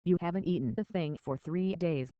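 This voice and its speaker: A reader voicing a gentle, kindly female nurse who speaks softly and coaxingly, on a dull, dry lo-fi recording. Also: medium pitch, moderate pace, no room sound, natural voice. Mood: soothing. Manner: soft, coaxing.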